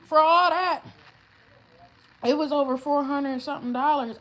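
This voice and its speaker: A woman's voice: high-pitched, lively intonation, moderate pace, fairly bright tone. A woman hosting a casual livestream, answering trolls in chat with brash, profane comebacks and frequent laughter. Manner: laughs often while talking. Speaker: livestream host.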